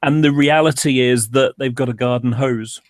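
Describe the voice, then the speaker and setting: A man's voice: mid-range voice, steady tone, normal speed, no room sound. Guy rambling on a call, um and you know everywhere, dry close sound. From England. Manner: rambling, many fillers. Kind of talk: casual group chat.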